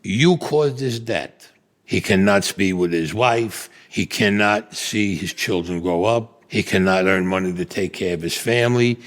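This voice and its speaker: Low-voiced and a little slow, this seventy-something Brooklyn native tells his life story in a dry-sounding interview recording. He speaks bluntly with plenty of profanity, imitating the voices of others along the way.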